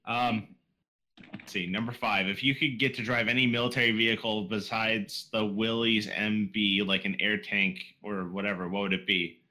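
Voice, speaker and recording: A man's voice: on the low side, level tone, moderate pace, sharp tone, low-quality recording. A man hosting a podcast, reading out listener questions in a loose, joking way. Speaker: podcast host. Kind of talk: casual chat.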